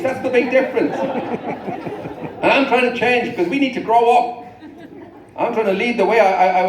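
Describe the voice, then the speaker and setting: An Irish comedian in his fifties tells a live stand-up routine with a dry, wandering delivery and lots of asides to the crowd. His voice sits a touch high for a man. He is heard from a distance in an echoey venue, with clear crowd noise behind him. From Ireland. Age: 50s. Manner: dry, rambling storytelling with chatty asides to the audience.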